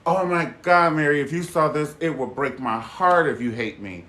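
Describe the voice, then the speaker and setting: Hosting a casual live chat stream, this man talks to viewers in a sassy, expressive way, calling them honey and baby. He swears freely and laughs loudly. His voice sits on the high side, at a normal speed.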